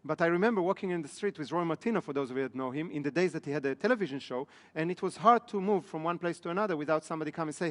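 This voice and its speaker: A man's voice: on the high side, very fast, hardly any pauses. A man giving a live business seminar, often checking in with the room. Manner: asks the room frequent check questions. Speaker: business trainer. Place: training room in front of an audience. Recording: echoey hall.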